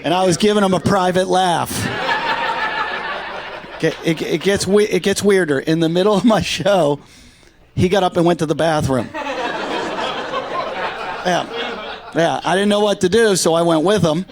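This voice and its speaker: A middle-aged man performing a stand-up comedy set on a club stage, telling stories deadpan and dropping his voice for quoted lines. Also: high-pitched, normal speed, pauses often, noisy background.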